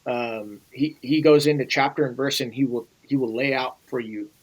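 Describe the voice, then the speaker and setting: Man, interview guest, urgent and emphatic, repeats himself, mid-pitched voice. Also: steady tone, moderate pace, dull audio. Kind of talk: earnest interview conversation.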